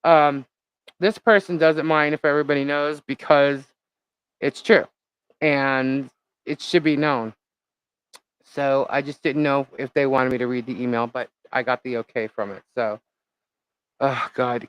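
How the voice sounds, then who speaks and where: A woman live-streaming as a vlogger, telling a gossip story in an animated, indignant way with lots of fillers. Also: very deep voice, a little slow, long pauses, clear, resonant tone, no echo, rough recording.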